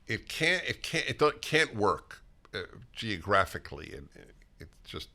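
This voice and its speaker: An older man hosting a political talk show conversation, emphatic and halting, with frequent restarts. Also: on the low side, very animated, sharp tone. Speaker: host.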